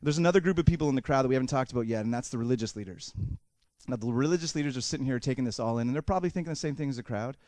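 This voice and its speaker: A man preaching a sermon as a pastor, animated, voicing the thoughts of people in the story and swinging between loud bursts and hushed asides. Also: mid-range voice, rapid-fire, no echo, studio quality.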